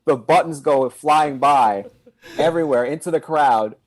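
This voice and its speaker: A man telling a comic story in casual chat as a guest, with animated comic timing. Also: fairly high pitch, normal speed, dry recording. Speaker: wrestling performer and guest.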